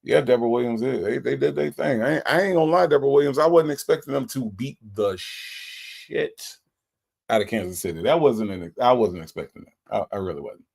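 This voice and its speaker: A man's voice: mid-range voice, a little fast, vocal fry, darkish tone, slightly rough. A man hosting a casual livestream, greeting viewers by name in a folksy, chatty way. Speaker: livestream host.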